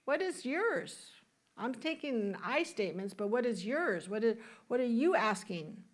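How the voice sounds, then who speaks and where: A woman's voice: a little high, big pitch swings, a little slow. A woman minister giving a conversational sermon in a church, asking the congregation questions and laughing now and then. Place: church sanctuary.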